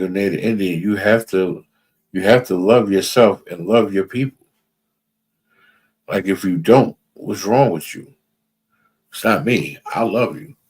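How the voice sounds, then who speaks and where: A man's voice: low voice, darkish tone, slightly rough. A man preaching to a class, reading out scripture and repeating phrases for emphasis, often asking if listeners understand. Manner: reads out scripture verses. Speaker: religious class teacher.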